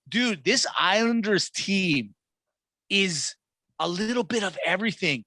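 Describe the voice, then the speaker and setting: A man co-hosting a sports podcast in casual chat, animated and hyped, acting out quotes as he talks. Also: sits high, measured pace, no echo. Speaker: podcast co-host.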